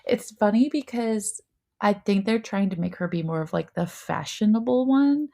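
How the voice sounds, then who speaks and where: A woman's voice: mid-range voice, normal speed, vocal fry, mellow. A young woman co-hosting a podcast, reviewing a TV show in casual chat, full of "like" fillers. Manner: chatty, lots of "like" fillers. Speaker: podcast co-host.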